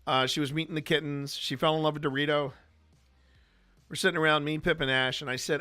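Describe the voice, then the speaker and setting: A man's voice: on the high side, fairly even intonation, fairly quick, sharp tone, clean tone. A man, a paranormal investigator host, casually telling rambling stories with many restarts. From American South. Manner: rambling, frequent restarts and fillers. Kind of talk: casual storytelling Q&A.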